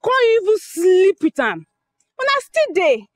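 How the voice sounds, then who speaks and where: A woman's voice: very high voice, sing-song, measured pace, no echo, clean studio sound, heavily acted. A feisty mocking village girl. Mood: defiant. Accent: Nigerian Pidgin. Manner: mocking, defiant. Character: dreamy, feisty young village woman.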